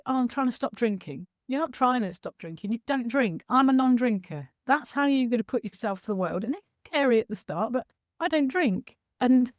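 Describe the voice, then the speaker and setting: A woman's voice: sits high, darkish tone, no room sound, studio quality. A woman in her sixties, talking frankly and animatedly as a sobriety coach on a video call, laughing easily. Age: 60s. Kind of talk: casual talk on a video call.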